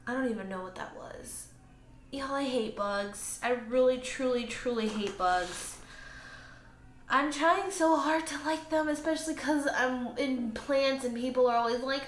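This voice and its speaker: A woman's voice: fairly high pitch, animated, a little slow, fairly bright tone. A woman, chatting casually in a plant vlog and talking to her plants. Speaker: plant vlogger. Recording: echoey room with faint ambient noise.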